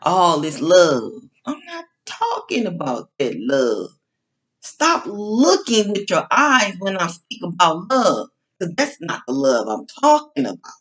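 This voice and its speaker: A woman preaches in a loose, unscripted monologue, circling back to the same phrases and building emphasis as she goes. Her pitch swings widely as she talks. She takes her time, speaking slowly and drawing words out. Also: wildly swooping pitch. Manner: informal slang, frequent restarts. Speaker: online speaker on faith and love. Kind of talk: casual spoken sermon-style monologue.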